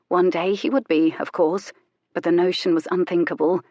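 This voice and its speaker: A woman narrating an audiobook in an intimate, measured storytelling manner. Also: lowish voice, steady tone, a little mellow, no echo, studio quality. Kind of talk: scripted narration.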